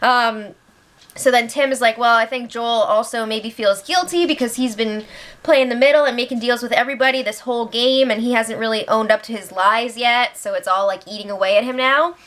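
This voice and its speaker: A woman's voice: a little high, brisk, fairly bright tone. Chatty, sarcastic young woman. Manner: chatty, sarcastic, retells with quoted voices. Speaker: reality show recap host. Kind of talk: casual recap commentary.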